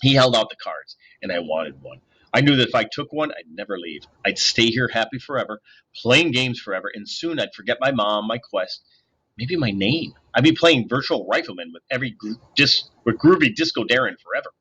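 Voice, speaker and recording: A man reading a novel aloud in an expressive, storytelling manner. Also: mid-range voice, a little fast, slightly rough. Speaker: audiobook reader.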